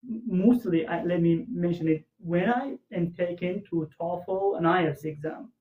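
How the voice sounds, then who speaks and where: A man hosting an interview in casual chat, talking haltingly and searching for his words with many restarts. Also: high voice. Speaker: interviewer host. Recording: tinny phone-like line, echoey room.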